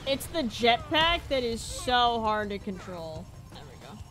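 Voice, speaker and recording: A woman's voice: a little high, very animated, a little slow, a bit bright, soft background music. A woman giving exasperated, exclaiming let's-play commentary, often calling out "bro". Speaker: gamer.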